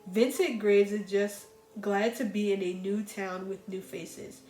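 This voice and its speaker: A woman chatting casually about books she recommends, animated and talking straight to her viewers. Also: medium pitch, measured pace. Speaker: book reviewer. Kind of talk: casual book recommendation chat. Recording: echoey room with faint music.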